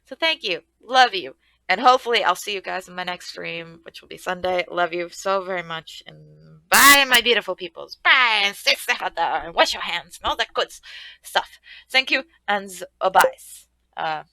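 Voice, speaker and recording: A woman's voice: mid-range voice, lively intonation, moderate pace, pushed and bright, no echo, poor audio. A woman streamer chatting casually and rambling through a friendly sign-off. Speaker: game streamer.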